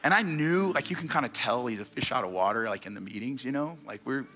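A man preaches with a bright, forceful tone and tells his stories with energy, tripping over his words and starting again as he rushes on. Soft music plays quietly behind him in the church. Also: mid-range voice. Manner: energetic storytelling, quick repeated restarts. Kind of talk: sermon. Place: church stage before a congregation.

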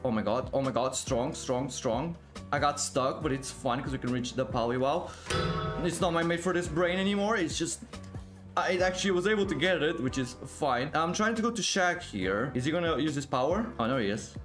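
A man giving excited live gameplay commentary, exclaiming often and repeating words in quick bursts. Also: fairly high pitch, soft background music. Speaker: gaming video creator.

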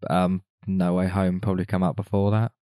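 A man's voice: low-pitched, flat delivery, fairly quick, warm tone, clear, resonant tone, no echo, clean studio sound. A man co-hosting a casual film podcast, speaking in a matter-of-fact way. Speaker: podcast co-host.

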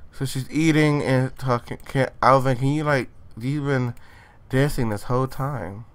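A man's voice: mid-range voice, steady tone, a little slow, clear, resonant tone, no room sound. A young man in his late teens giving sassy, chatty let's-play commentary with playful exclamations. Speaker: gaming channel host.

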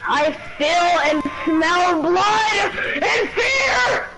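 A woman voicing a menacing, bloodthirsty masked killer in a game, dragging out shouted threats. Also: very high-pitched, expressive, extremely slow, heavily acted, low-quality recording. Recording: loud background noise.

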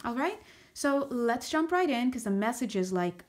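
A woman's voice: a little high, very animated, normal speed. A woman doing a casual spiritual reading to camera, out of breath, chatty and searching for words with frequent restarts. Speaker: astrology and tarot reader.

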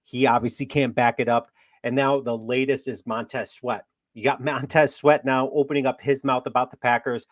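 A man's voice: medium pitch, level tone, moderate pace, dry recording, studio quality. A man hosting a sports talk show, talking casually and mockingly, amused and full of trash talk. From Wisconsin.

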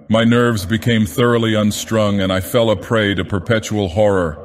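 Dagoth Ur, a man doing a deep brooding god-villain. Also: close to an everyday voice. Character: deep ancient male god-villain, grandiose and menacing. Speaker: narrator. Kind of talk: dramatic horror reading. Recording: long reverb.

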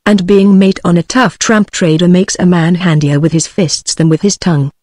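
A text-to-speech woman's voice with a British English accent, reading a book aloud in an even, synthetic manner. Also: fairly low pitch, moderate pace, no echo, studio quality. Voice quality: synthetic, evenly paced. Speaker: audiobook narrator.

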